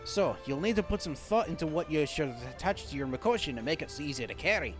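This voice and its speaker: Rowdy Scottish shipwright, played by a man, blustering and loud, high-pitched. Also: lively intonation, fast talker, music in the background, lightly acted. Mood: explaining. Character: gruff male shipwright, rowdy.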